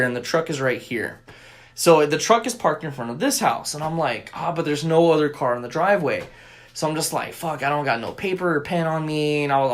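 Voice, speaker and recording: A young man spins a long story in casual podcast chat, swearing freely and jumping into the voices of the people he quotes. His voice sits a touch higher than most men's. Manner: profane, animated storyteller acting out quotes. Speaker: podcast co-host.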